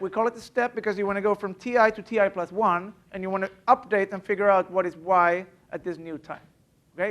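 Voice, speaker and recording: A university math lecturer giving a live classroom lecture, talking casually with many fillers and restarts and stressing the key points. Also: mid-range voice. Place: lecture hall.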